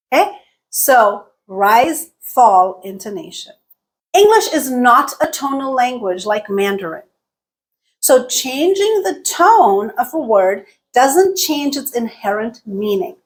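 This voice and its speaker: A woman teaching a lesson, speaking clearly and deliberately and exaggerating pitch in her example sentences. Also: big pitch swings. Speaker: English teacher. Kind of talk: explanatory lesson with spoken examples.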